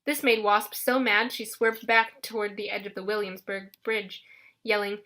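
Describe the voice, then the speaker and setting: Bright woman reading an audiobook. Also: medium pitch, normal speed. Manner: lively, first-person storytelling. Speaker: audiobook narrator. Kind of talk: audiobook narration.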